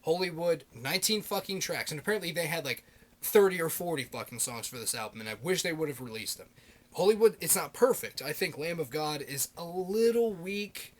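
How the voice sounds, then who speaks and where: A man in his thirties rambling excitedly in a casual video blog, swearing constantly and piling up fillers. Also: a little high, fairly quick. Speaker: video blogger.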